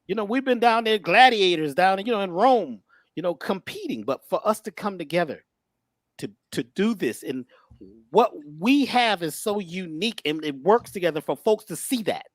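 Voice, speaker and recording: Halting, preachy man with a lively voice. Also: high-pitched, no echo. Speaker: guest speaker. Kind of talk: spiritual workshop talk.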